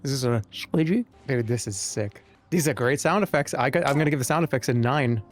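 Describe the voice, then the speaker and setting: A man's voice: mid-range voice, fairly quick, faint music behind. A man streaming a game live, chatting to viewers in a joking, rambling way. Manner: joking, rambling, talks to chat. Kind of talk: live-stream gameplay commentary.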